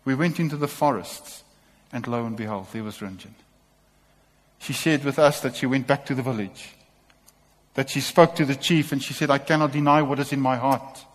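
A man's voice: mid-range voice, normal speed, long reverb tail. A man preaching a sermon to a congregation, impassioned and repeating short calls to take courage.

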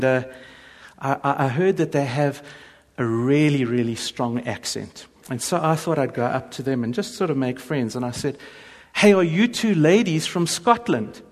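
A man giving a humorous faith talk to an audience, telling stories with jokes and quick impressions. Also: mid-range voice, a little mellow. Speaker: speaker. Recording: long reverb of a large hall.

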